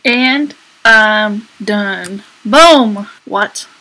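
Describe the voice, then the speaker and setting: A woman's voice: mid-range voice, extremely slow, pushed and bright, poor audio. A young woman giving silly, playful commentary over her gameplay, with squealing exclamations. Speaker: gaming YouTuber. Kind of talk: let's play commentary.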